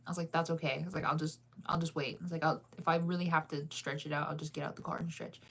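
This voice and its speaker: A young woman chatting through a storytime with a slightly low voice. She is animated and laughs often. Her pitch leaps when she acts out her own lines. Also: rapid-fire, slightly rough. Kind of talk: casual storytime.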